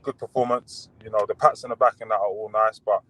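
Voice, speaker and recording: A man chatting as a boxer guest on a podcast, relaxed and full of fillers and restarts. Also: lowish voice, quick pace, no room sound, low-quality recording. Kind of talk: casual podcast interview.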